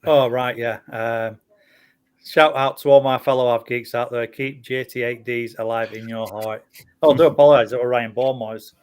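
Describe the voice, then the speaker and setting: A man's voice: mid-range voice, steady tone, moderate pace, clear, resonant tone. A man co-hosting a casual podcast, dropping dry, jokey asides. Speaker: podcast co-host.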